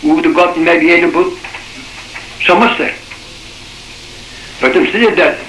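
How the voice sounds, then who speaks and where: A man's voice: on the high side, moderate pace, long pauses, background noise. An older man with a Shetland accent recounting his memories in oral-history style, rambling in dialect with many restarts, on a roomy old cassette recording. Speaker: shipwreck survivor.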